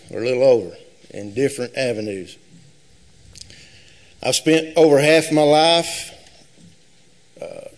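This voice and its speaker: A man's voice: fairly high pitch, darkish tone. A man running for sheriff, speaking nervously and plainly at a live forum, with some hesitation. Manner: plain-spoken, a little hesitant with fillers. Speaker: sheriff candidate. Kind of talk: campaign speech at a forum. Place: high school forum hall.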